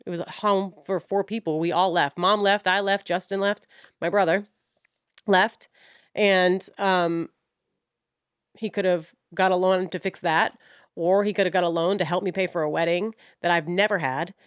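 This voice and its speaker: A young woman hosts her own podcast in a casual, rambling monologue, speaking frankly and swearing often. She mocks herself when she loses her train of thought. Her lowish, smooth voice is captured in a clean studio with no room sound.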